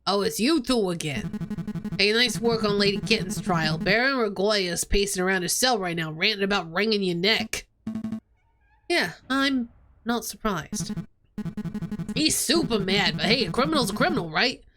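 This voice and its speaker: A relaxed, blunt prison guard who sneers in easy slang, voiced lower than the performer's usual talk, by a woman putting him on. Light game music plays behind. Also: normal speed, lightly acted. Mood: mocking. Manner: laid-back, mocking, slangy. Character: casual male prison guard, cheerfully blunt.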